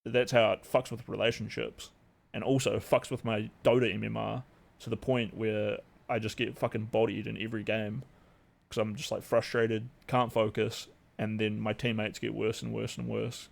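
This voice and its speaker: A man's voice: lowish voice, little pitch movement, moderate pace, vocal fry. A young man, streaming and chatting casually, rambling with lots of fillers and swearing. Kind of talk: casual live-stream chat.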